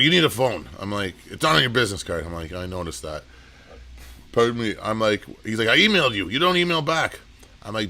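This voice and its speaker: A man's voice: lowish voice, bright, forceful tone. A man who owns a comic shop, running a live auction and telling rambling shop stories in casual chat. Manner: rambling storyteller, quick asides.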